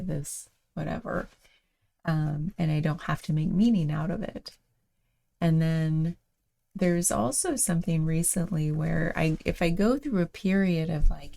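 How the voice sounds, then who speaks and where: A woman with a low, mellow voice and a gravelly edge talks through a reflection at her own pace. She meanders, leans on fillers and breaks into soft laughs. It sounds like a casual spoken reflection by the host of a daily show.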